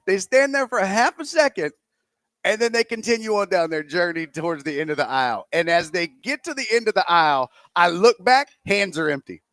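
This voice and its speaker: A male radio co-host with a high voice that leaps up and down, spinning a rambling story and acting out every quote. He sounds close and dry on a studio mic, with no room sound at all. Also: fairly quick, dry recording. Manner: animated, rambling anecdote told with acted-out quotes. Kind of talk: casual storytelling on sports talk radio.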